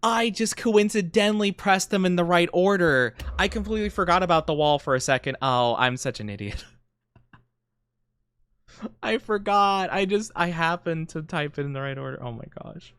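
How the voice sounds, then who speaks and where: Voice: mid-range voice, animated, normal speed, a bit bright, clean tone, no echo. Giggly streamer chatting through a game. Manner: giggly, self-mocking, talks to chat. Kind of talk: casual gameplay commentary.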